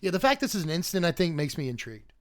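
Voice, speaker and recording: A man's voice: fairly high pitch, sing-song, very fast. A man hosting a casual livestream card review, talking animatedly, chuckling often and chatting with his viewers. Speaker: host.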